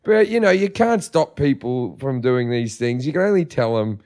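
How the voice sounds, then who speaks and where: An Australian man telling a comedic story on a podcast, animated and profane. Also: medium pitch, moderate pace. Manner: profane, animated, doing voices of his parents. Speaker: podcast host.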